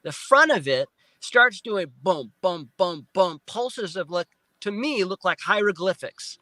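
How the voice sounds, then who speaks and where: A male guest on a live interview recounting a personal experience in animated storytelling, restarting and repeating words often and acting out his own remembered speech. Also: high-pitched, a little slow, no room sound, rough recording. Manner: excited retelling with frequent restarts and repeated words; acts out his own past speech in quotes. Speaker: guest, film producer.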